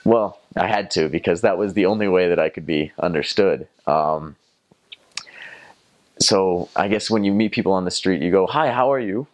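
Deep-voiced Southern American man. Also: normal speed, muffled recording. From North Carolina, USA. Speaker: returned missionary. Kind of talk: casual storytelling to camera.

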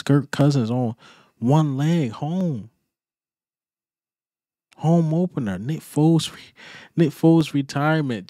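Slow-talking man ranting about football. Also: a little high, dark tone, no room sound, clean studio sound. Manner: emphatic, repetitive, frustrated slangy ranting. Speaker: sports fan vlogger. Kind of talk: sports reaction rant.

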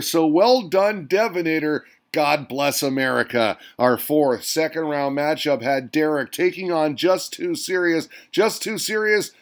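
Male host doing mock sports commentary, high-pitched and pumped, punchy hype calls. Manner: hyped announcer delivery with exclamations.

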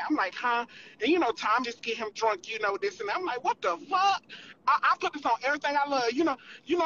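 A storyteller spilling gossip on a livestream, profane and animated, constantly calling the listener girl and boo. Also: medium pitch, muffled recording, slight background noise.

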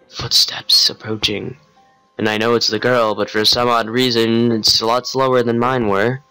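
A man's voice: medium pitch, little pitch movement, moderate pace, bright, forceful tone, smooth, soft background music. A young man giving sarcastic let's play commentary on a horror game. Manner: wry, sarcastic narration of the action. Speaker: gamer playing a horror game.

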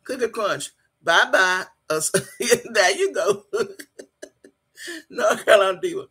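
A woman chats casually on her livestream and reads viewer comments aloud. Her voice is husky and bright. She teases playfully and stretches her hellos into a sing-song. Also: medium pitch, big pitch swings. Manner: playful and teasing, laughs often, drawn-out sing-song greetings. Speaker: livestream host.

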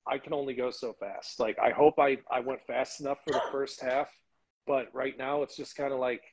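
A man's voice: mid-range voice, steady tone, moderate pace, a little mellow, slightly rough, low-quality recording. A man joining an interview by phone, talking loosely with lots of fillers. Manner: loose, filler-heavy talk. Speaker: guest. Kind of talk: casual interview chat. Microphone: phone on a call.

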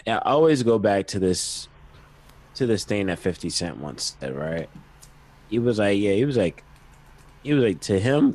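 A man's voice: lowish voice, a little mellow, rough recording. A man co-hosting a podcast in casual chat, rambling with many restarts. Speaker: podcast co-host.

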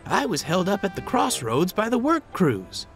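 A man's voice: high-pitched, wildly swooping pitch, moderate pace, faint music behind, pitched above the performer's own voice, full character voice. A man voicing an earnest, flustered young male bus in a storybook reading. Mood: apologetic. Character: dependable young male bus, anxious and eager. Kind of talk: storybook narration.

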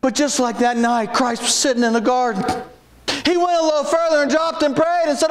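A man preaching a sermon, folksy in his storytelling and breaking into shouted exhortations. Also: very high-pitched, little pitch movement, fairly quick. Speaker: pastor. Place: church sanctuary. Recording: echoey church room.

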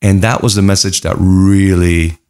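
A man's voice: deep voice, flat delivery, normal speed, a little mellow, smooth. A man from Puerto Rico, a pastor, telling his story earnestly in a casual interview. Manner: earnest, storytelling, lists things in runs.

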